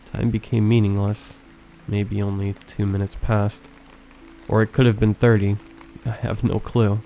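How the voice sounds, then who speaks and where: Low warm-voiced guy reading creepy stories, slow and hushed, quiet music under it. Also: level tone, gravelly. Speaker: horror story narrator. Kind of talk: scripted narration. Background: faint background music.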